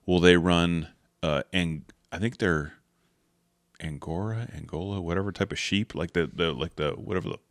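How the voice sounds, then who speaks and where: Low-voiced and moderately paced, with no echo, this male podcast host rambles through a hunting story. He peppers it with "like" and "right?" and acts out its characters.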